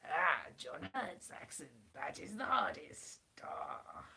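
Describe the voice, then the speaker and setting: A hoarse woman doing a deep, gravelly impression of an elderly male actor. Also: wildly swooping pitch, slow, bright, forceful tone, exaggerated voice. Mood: mock grave.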